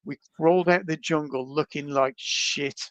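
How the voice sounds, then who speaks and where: A man, a podcast guest, telling travel stories in a casual, animated, self-deprecating way over a video call. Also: fairly high pitch, moderate pace, no echo. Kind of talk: casual storytelling.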